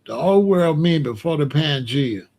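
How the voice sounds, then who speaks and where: A man's voice: fairly high pitch, animated, unhurried, darkish tone. A middle-aged man ranting bluntly and profanely in casual commentary, repeating himself and dismissing others.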